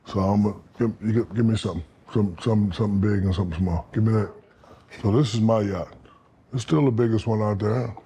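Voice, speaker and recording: A man in his fifties, a podcast guest, telling animated, profane stories and acting out quoted lines. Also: fairly low pitch, brisk, slightly rough. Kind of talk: storytelling in casual interview.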